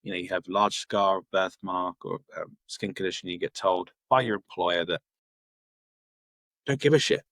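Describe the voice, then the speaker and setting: A man's voice: sits low, little pitch movement, moderate pace, few pauses, pushed and bright, no room sound. A man from Cornwall, chatting loosely as a podcast guest, full of fillers and restarts. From Cornwall, England. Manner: rambling, many fillers and restarts. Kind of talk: casual interview chat.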